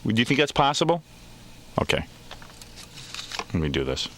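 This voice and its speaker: A man's voice: medium pitch, moderate pace. A man, a radio host, candidly recalling past events in an interview. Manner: animated, candid.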